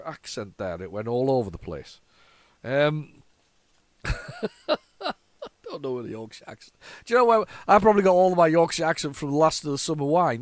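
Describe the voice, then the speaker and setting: A man from the UK talks casually to his viewers while he works an old cassette player at home. His voice sits a bit higher than most men's. He rambles, repeats words, trails off and restarts, and keeps slipping into fond memories. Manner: rambling, many false starts and repeated words; chatty and nostalgic. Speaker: retro computing video host. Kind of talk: casual solo commentary.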